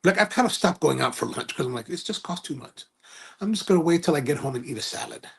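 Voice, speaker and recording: Gravelly, husky man chatting on a livestream. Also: a little high, fast. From United States. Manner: rambling, self-correcting, animated storytelling. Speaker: cigar review livestream host. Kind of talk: casual livestream chat reading viewer comments.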